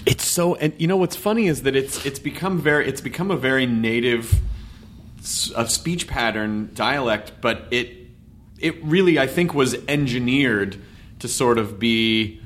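An American man hosting a casual chat, playful and animated, often slipping into silly voices. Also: mid-range voice, unhurried, slight background noise. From United States. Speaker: podcast host.

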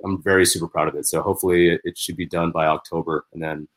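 A man's voice: deep voice, flat delivery, quick pace. A man who is a comedian, telling stories animatedly as a podcast guest, with many restarts. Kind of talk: casual podcast chat.

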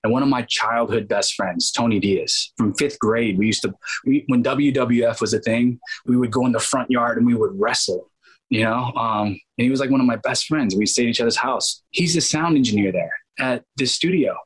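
A man in his thirties, an actor being interviewed, telling animated stories and acting out the people in them with many asides and restarts. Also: mid-range voice, moderate pace, husky, poor audio. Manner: acts out quoted voices, many restarts and asides. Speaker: actor guest.

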